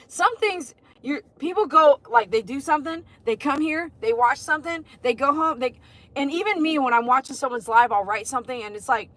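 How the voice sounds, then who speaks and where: A middle-aged woman hosts a casual livestream. Her voice sits high, and she gushes over her viewers, calling out names and leading bouncy chants. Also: sharp tone. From Texas. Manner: effusive, greets viewers by name, sing-song chants. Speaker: dog groomer and livestream host.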